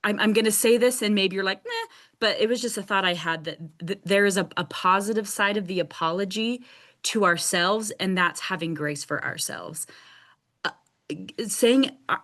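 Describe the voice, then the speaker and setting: A woman's voice: mid-range voice, fairly bright tone. A young woman who stutters, hosting a casual support group discussion on a video call, with repeated sounds and restarts. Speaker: support group host and speech-language pathologist.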